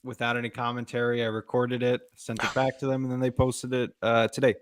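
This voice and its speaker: A young man speaking at an ordinary mid pitch as a podcast guest. He tells stories in a modest, animated way, with plenty of fillers. His talk is loose and casual. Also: brisk. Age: young adult. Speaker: guest, amateur wrestling commentator. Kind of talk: casual chat.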